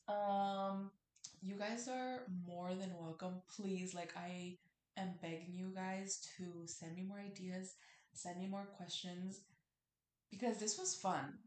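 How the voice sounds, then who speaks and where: A woman's voice: medium pitch, fairly even intonation, slow, echoey room. A young woman hosting a casual solo podcast, rambling with lots of fillers and cursing freely. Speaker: podcast host.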